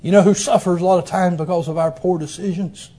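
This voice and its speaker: High-voiced folksy preacher man. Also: fairly even intonation, quick pace, warm tone. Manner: folksy storytelling, exclamations and chuckles. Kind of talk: folksy sermon.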